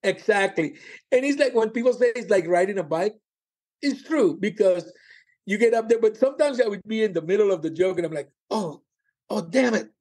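A man, a comedian and former cruise director, telling stories in a casual interview, animated and laughing often. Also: high-pitched, brisk.

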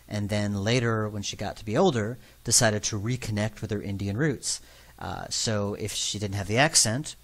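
New guy talking over his game, lowish voice, lots of ums and asides, kinda self-deprecating. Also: a bit bright. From New York. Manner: rambling, conversational, self-deprecating. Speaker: game developer. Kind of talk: developer commentary track.

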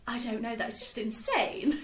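A woman co-hosting a podcast, chatting casually about a play, animated and quick to laugh. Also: fairly high pitch. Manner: animated, laughs often, reads lines aloud. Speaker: podcast co-host. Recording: roomy echo.

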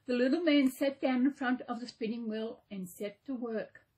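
A woman host reading a fairy tale aloud in a gentle, unhurried way, with small slips now and then. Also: a little high, breathy edge. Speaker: channel host reading a story.

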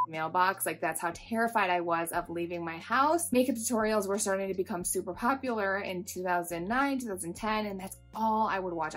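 A woman's voice: fairly low pitch, fairly bright tone. Chatty, swearing woman with a nasal voice. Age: 20s. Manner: chatty, swears freely, self-deprecating. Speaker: makeup artist vlogger. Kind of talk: casual chatty storytime.

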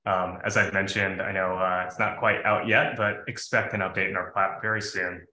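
A man's voice: deep voice, little pitch movement, moderate pace, bright, forceful tone, a little hiss or hum. A man hosting a live webinar, talking in a loose, enthusiastic conversational way. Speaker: webinar host. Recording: echoey room.

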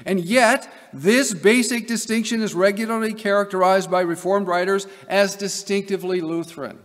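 A man from Nebraska giving an academic lecture as a seminary professor, emphatic, with wry asides. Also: sits high. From Nebraska, USA. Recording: long hall reverb.

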